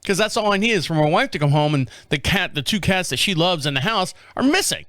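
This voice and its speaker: A man's voice: high voice, expressive, brisk, bright, forceful tone, no echo. A man hosting a casual radio podcast from a studio, telling rambling stories and chuckling often. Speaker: podcast host.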